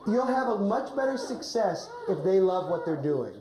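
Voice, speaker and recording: A woman's voice: medium pitch, very animated, normal speed, crowd noise. A woman drama coach giving instructions in a classroom, ending phrases with "right?". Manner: keeps adding "right?" while instructing. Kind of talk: coaching a teacher during a lesson. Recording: echoey room.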